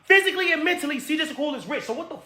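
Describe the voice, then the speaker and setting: Man, very high and bright voice; heated cursing livestream rant in an echoey room. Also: expressive, rapid-fire. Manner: heated, cursing, shouting at viewers. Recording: roomy echo.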